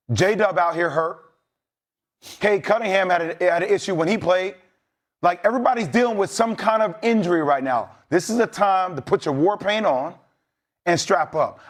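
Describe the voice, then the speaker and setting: A man, a former player, giving blunt, rallying talk as a guest on a sports debate show. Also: high-pitched. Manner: blunt, rallying, streetwise slang.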